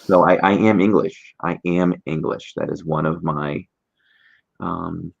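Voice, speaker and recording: A man from Boston with a neutral broadcast American accent, hosting a casual livestream interview in a relaxed, chatty way. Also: deep voice, a little slow, gravelly, husky, lo-fi sound. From Boston, Massachusetts. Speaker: livestream host.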